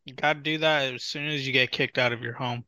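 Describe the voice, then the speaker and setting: A man chiming in with quiet, amused comments in casual podcast chat. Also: medium pitch, fairly even intonation, fairly quick, a little hiss or hum.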